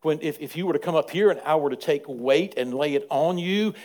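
Man, pastor, sermon, rhythmic repetition, quiet to loud emphatic swings, fairly high voice. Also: a little fast, hardly any pauses.

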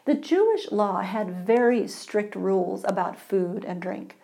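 Warm-voiced woman pastor preaching. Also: mid-range voice, lively intonation, a little slow, creaky. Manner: conversational, asks the congregation for responses. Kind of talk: sermon.

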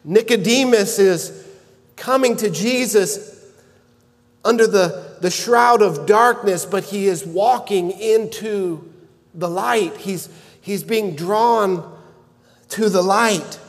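High-voiced man preaching in a reverberant hall. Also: slow. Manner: earnest preaching, rising to emphatic shouts on key lines. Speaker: pastor. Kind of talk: sermon.

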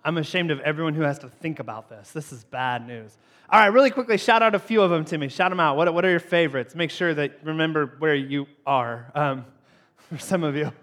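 A man opening a sermon in a playful way, joking with and teasing his audience and rising sharply in pitch when surprised. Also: brisk, fairly bright tone.

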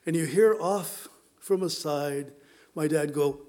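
A man's voice: a little high, slow, mellow. A middle-aged man from Southern California preaching a sermon in a conversational, storytelling way. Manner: conversational, storytelling, many fillers. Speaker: pastor. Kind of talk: sermon with personal stories.

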